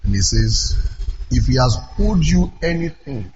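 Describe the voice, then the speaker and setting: A middle-aged Nigerian-accented man preaching a conference sermon, animated and breaking into shouts. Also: medium pitch, unhurried. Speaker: pastor. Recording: echoey, dull, noisy hall recording.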